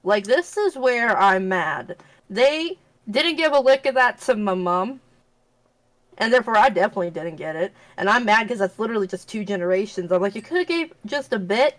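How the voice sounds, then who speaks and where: A woman's voice: mid-range voice, lively intonation, moderate pace, low-quality recording. A woman with a Midwestern accent, chatting casually and rambling in a self-mocking way while she plays a game. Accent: Midwestern American. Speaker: streamer playing a cleaning game. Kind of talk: casual gaming chat.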